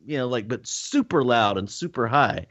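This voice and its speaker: An animated male storyteller who acts out voices and laughs through his tale. His pitch swings widely as he talks. The recording is dry and a little dull. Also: normal speed, no room sound. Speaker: podcast co-host. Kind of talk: casual storytelling chat.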